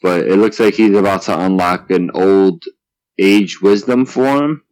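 A man's voice: deep voice, measured pace, darkish tone, dry recording, rough recording. A man in casual chat, easygoing, asking questions and thinking aloud. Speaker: podcast co-host.

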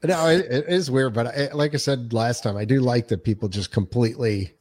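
A man co-hosting a casual chat show, chiming in with short remarks and quick jokes. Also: mid-range voice, darkish tone. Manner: wisecracking interjections. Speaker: podcast co-host.

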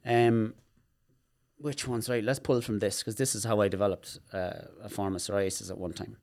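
An Irish man with a low voice tells personal stories on a podcast. He talks in an animated way and swears freely. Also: moderate pace, gravelly. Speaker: guest, movement specialist. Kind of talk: podcast conversation.

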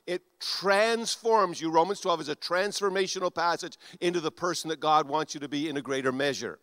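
A male preacher delivers a sermon with a slightly high voice, recorded close and dry. He is animated, swinging between loud, punchy lines and quiet asides, and acts out the voices he quotes. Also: no room sound. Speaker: pastor.

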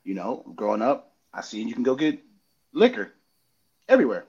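A man talking in a casual chat, telling stories in an animated way and acting out hecklers. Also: normal speed, vocal fry, slightly rough, lo-fi sound. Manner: animated storytelling, acts out hecklers with big pitch jumps. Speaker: podcast host, former outfielder.

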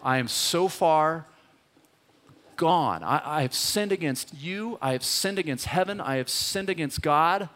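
A man's voice: on the high side, lively intonation, a little slow, a bit bright, voice pushed up. A man voicing a repentant young son who begs his father to take him back, speaking in a pleading, contrite way. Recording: long hall reverb.

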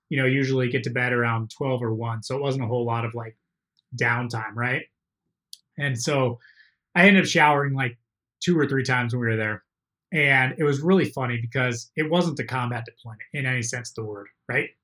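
A man, a podcast guest, telling an animated story in casual conversation. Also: mid-range voice. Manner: animated, laughing through a funny story.

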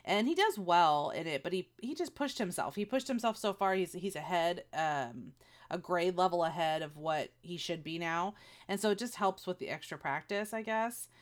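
A woman's voice: lowish voice, lively intonation, moderate pace. A woman co-hosting a podcast, chatting casually, rambling through stories and teasing her co-host. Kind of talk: casual chat.

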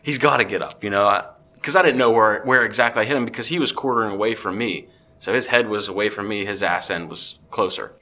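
A man, a podcast guest, telling a story in a casual, excitable way with many restarts. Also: on the low side, quick pace.

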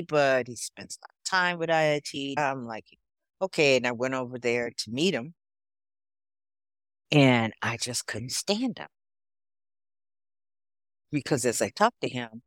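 A woman in her sixties from Chicago, a guest on a podcast. She chats in a relaxed, storytelling way, with an animated delivery. Her voice is fairly low for a woman and sounds dry and close on the mic. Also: dry recording. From Chicago, USA. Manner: storytelling, animated, laughs often. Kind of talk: casual interview chat.

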